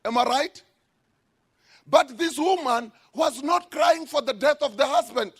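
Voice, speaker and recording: A man preaching a sermon as a pastor in a church, emphatic, with sudden shouted lines. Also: very high-pitched, animated, unhurried.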